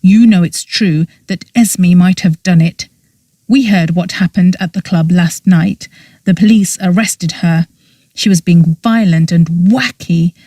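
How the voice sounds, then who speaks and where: A woman's voice: fairly low pitch, unhurried, mellow, dry recording, far from the mic. A woman voicing a blunt, accusing young man. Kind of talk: audiobook character voice.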